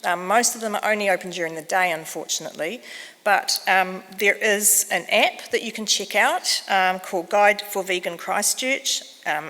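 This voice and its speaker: A conference organizer speaks from a lectern microphone. Her voice is bright and crisp, and her tone is chatty and self-deprecating, with plenty of ums. A long hall reverb trails every phrase. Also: fairly low pitch. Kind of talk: housekeeping announcements to an audience.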